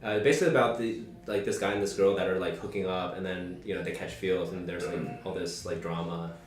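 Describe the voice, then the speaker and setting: Young man, low voice, rambling story with many "like" fillers, roomy echo. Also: flat delivery, fast, soft background music. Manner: rambling, heavy use of "like" fillers. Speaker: podcast host. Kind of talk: casual group conversation, personal storytelling.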